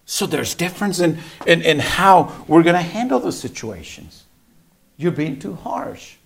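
Middle-aged male preacher, gravelly voice, storytelling sermon, acts out family dialogue. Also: fairly high pitch.

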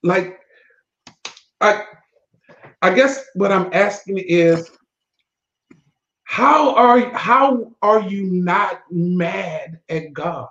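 An interviewer asking gentle, probing questions. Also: medium pitch, drawn-out words, long pauses, reverberant, lo-fi sound.

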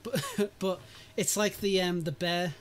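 A man's voice: sits high, steady tone, unhurried, a bit bright. A man hosting a podcast in casual chat, talking easily and laughing often. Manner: chatty, laughs often, restarts. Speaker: podcast host.

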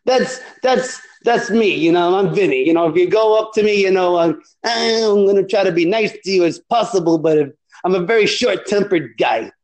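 A man's voice: high-pitched, moderate pace, few pauses, a little mellow, close to an everyday voice. A man playing a brash, short-tempered Jersey Italian guy on a comedic phone call, crude and rambling with lots of "you know". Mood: swaggering. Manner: boastful, crude, rambling with fillers.

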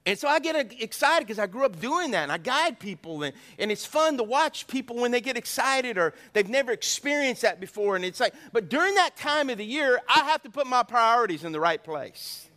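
Folksy preacher man, bright and high. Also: very animated, a little fast, few pauses. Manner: folksy, joking storyteller with call-and-response. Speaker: pastor. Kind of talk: sermon.

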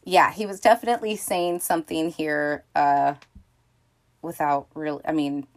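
A woman hosting a podcast, talking through a film in a rambling, casual monologue full of fillers and restarts, swearing freely and breaking into excited outbursts. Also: deep voice. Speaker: podcast host.

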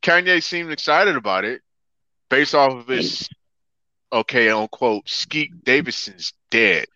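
A man hosting a podcast who reads out headlines and tries to keep the group on track. His voice is lively and bright, and the room sounds dry and close. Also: medium pitch, a little slow, no echo, lo-fi sound. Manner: tries to steer the talk, laughing along. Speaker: podcast host reading headlines. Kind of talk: casual chat.

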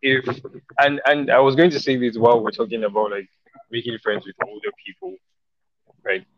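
Relaxed young man on a dull dry mic. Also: mid-range voice, moderate pace, no echo. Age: young adult. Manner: relaxed storyteller, quotes people in mock voices. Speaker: podcast guest. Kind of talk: casual chat.

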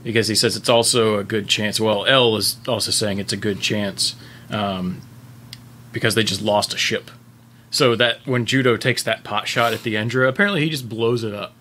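A man's voice: fairly low pitch, steady tone, moderate pace, sharp tone, slight background noise. A man co-hosting a casual podcast, explaining plot points with dry jokes. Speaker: podcast co-host.

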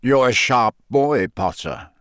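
A man voicing a gruff, grim older male wizard who talks slowly and mutters. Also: mid-range voice, expressive, a bit bright, no echo, studio quality. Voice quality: gruff, growling. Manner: slow, muttering.

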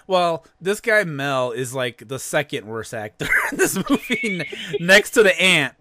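A man's voice: a little high, unhurried, background noise. A man hosting a podcast in casual chat, swearing freely as he recounts a horror movie. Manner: animated, laughing, swears freely. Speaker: podcast host.

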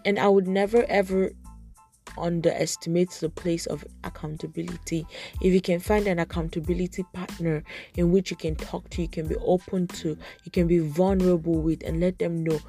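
A woman's voice: lowish voice, steady tone, normal speed, mellow, faint music behind. A young woman talking earnestly and casually about faith, full of filler words as she gives advice. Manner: earnest, conversational, lots of "like" fillers. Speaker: Christian vlogger giving advice. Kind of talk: casual faith talk to camera.

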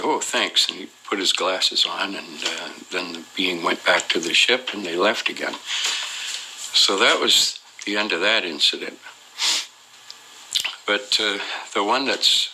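A man's voice: sits low, gravelly, bright, forceful tone, a little hiss or hum, rough recording. A man telling his own experience in an unscripted, rambling way, hesitating often with "uh" and restarting his sentences. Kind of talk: unscripted personal storytelling.

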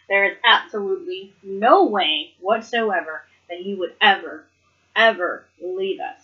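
A woman with a mid-range voice, its high frequencies cut off, gives an earnest yet casual devotional talk as a Bible study speaker. She reads scripture aloud, reflects on it, and often laughs lightly between points.

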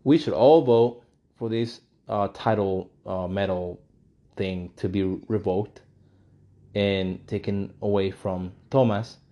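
Guy ranting over a news article, swears a lot, lowish dark voice. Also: takes it slowly. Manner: profane, heated, repeats himself. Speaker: commentator reading a news article. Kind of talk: ranting commentary.

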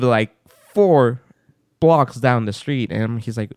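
A man's voice: mid-range voice, lively intonation, unhurried, a little mellow, no room sound, studio quality. A man co-hosting a podcast, telling a story in a casual chat and acting out the people in it. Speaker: podcast co-host.

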